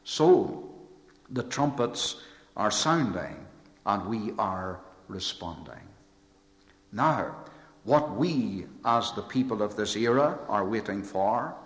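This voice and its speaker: Male preacher, lively pitch, emphatic repetitive delivery, recorded in an echoey hall. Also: slow pace, pauses often. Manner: emphatic, repetitive preaching with swelling rhetorical lists. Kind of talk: sermon. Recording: echoey hall with long reverb.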